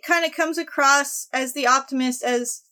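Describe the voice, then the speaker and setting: High-voiced chatty woman. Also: normal speed, bright, forceful tone. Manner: chatty, retells scenes. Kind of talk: casual discussion.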